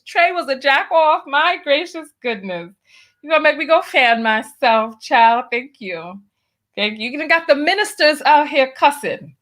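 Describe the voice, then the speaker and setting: A woman's voice: on the high side, a bit bright. Sassy woman hosting a live talk show. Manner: sassy, teasing, playfully scolding. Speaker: host. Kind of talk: live-stream talk show, reading donations.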